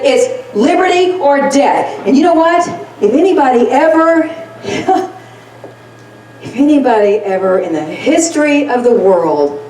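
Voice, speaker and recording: A woman's voice: on the high side, dark tone. A woman giving a folksy, fired-up political rally speech, laughing often as she talks. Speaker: rally speaker. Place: rally crowd event. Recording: echoey sound from far off.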